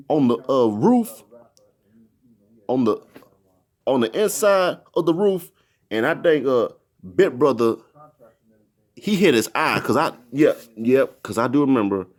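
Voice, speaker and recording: Man, casual storytelling, lively pitch, rambling and repetitive. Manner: rambling, repetitive, animated retelling.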